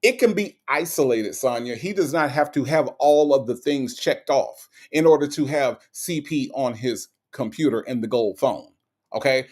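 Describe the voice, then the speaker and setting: A man's voice: medium pitch, normal speed, darkish tone. A man hosting a live stream, reacting to a case and reading viewer comments in a blunt, mocking, repetitive way.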